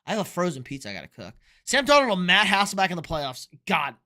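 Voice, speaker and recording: A man's voice: sits high, huge pitch swings, quick pace, sharp tone. A young man on a casual live sports stream, drinking beer and answering chat in a loose, profane way. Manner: loose, profane, reads chat questions aloud.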